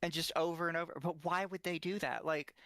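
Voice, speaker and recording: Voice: medium pitch, steady tone, brisk, a bit bright, dry recording, clean studio sound. A podcast co-host giving blunt, skeptical reaction commentary.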